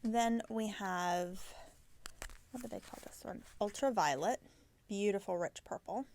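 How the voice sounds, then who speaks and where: A woman's voice: mid-range voice, a little slow, slight background noise. A woman hosting a knitting podcast, chatting casually about her projects and often correcting herself mid-sentence. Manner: chatty, self-correcting, drops into soft asides. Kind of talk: casual show-and-tell chat.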